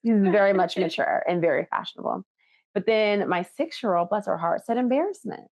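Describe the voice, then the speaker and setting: An American woman in her thirties, a podcast guest, telling open and animated stories about family life in a candid interview. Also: medium pitch, a little fast. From United States. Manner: open, animated storytelling with laughs.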